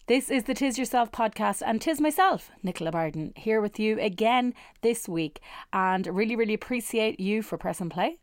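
A woman's voice: medium pitch, animated, moderate pace, dry recording, studio quality. An Irish woman hosting a podcast, talking in a chatty, colloquial way. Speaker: podcast host. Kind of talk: casual podcast chat.

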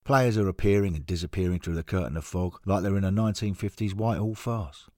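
A man narrating a scripted audio story in a measured storytelling manner. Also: sits low, dark tone, no echo, studio quality.

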